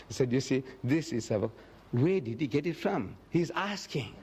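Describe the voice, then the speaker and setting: A man giving a public religious lecture, acting out quoted speech dramatically and slowing down to stress key phrases. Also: animated, warm tone, husky. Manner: dramatic, acts out quoted speech with big pitch swings.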